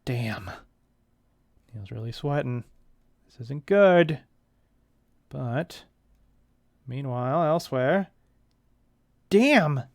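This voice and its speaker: A man's voice: medium pitch, expressive, slow pace, vocal fry, pauses often, a little mellow, no echo, clean studio sound. A man in his thirties reading a comic aloud and commenting on it in a chatty way, with wry asides.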